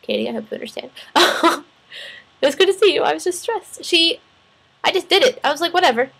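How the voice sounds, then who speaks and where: A young woman in her twenties, a student teacher, talking through her week in a rambling, animated vlog, sounding tired. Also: very high voice, a little fast, gravelly, low-quality recording. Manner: rambling, animated, restarts and laughs often. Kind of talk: casual personal vlog venting.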